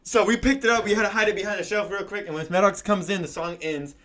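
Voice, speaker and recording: A young man with a slightly high voice spins a rowdy school story, his delivery animated and full of laughter. He swears freely and tosses in "bro" as he goes. This is loose, casual podcast chat. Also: fast. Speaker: podcast co-host.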